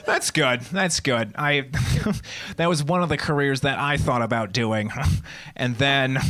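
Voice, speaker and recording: A man's voice: mid-range voice, a little slow, bright, forceful tone. A man in his twenties doing a stand-up comedy set, rambling through self-deprecating asides. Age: 20s.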